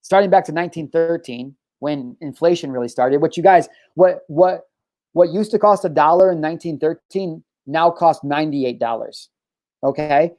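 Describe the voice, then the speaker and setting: A man's voice: a little high, normal speed, a little mellow. A young man hosting a solo podcast, ranting heatedly and profanely, often stopping to restart his sentences. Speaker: podcast host.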